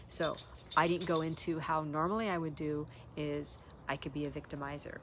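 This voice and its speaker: A woman's voice: low-pitched, fairly even intonation, moderate pace, slight background noise. An older woman, a spiritual teacher, telling a personal story and reflecting on it in a candid, earnest way.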